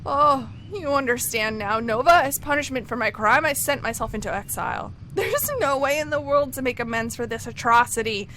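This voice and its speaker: A woman putting on a high, swooping voice for a flustered female clockmaker who has hidden away for years. Bright and sharp in tone, she wails and frets through game dialogue read aloud. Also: animated, moderate pace, hardly any pauses, slight background noise. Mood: theatrical. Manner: theatrical, wailing, self-pitying storytelling. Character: excitable dramatic female clockmaker hermit.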